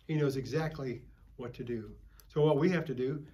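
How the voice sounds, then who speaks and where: A man's voice: mid-range voice, normal speed, mellow, muffled recording, slight background noise. An older man preaching at a Bible study, a folksy pastor who tells stories and calls for amens from the group. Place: church.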